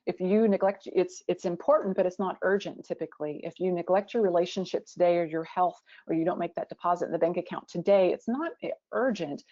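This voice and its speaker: A woman with a fairly low voice gives a training talk, talking quickly and casually with frequent "um"s and restarts. The recording is dull and lo-fi, with a close, dry sound. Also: darkish tone, dry recording. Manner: fast, informal speaking with many fillers and restarts. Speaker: psychologist giving a training talk. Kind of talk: presentation to first responder families.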